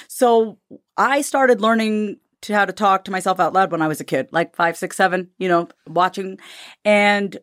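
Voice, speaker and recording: A woman's voice: mid-range voice, moderate pace, dry recording, studio quality. A woman in an interview, speaking candidly and animatedly about her own life and her upcoming book. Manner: animated, candid, acts out voices. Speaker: guest author. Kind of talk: conversational interview.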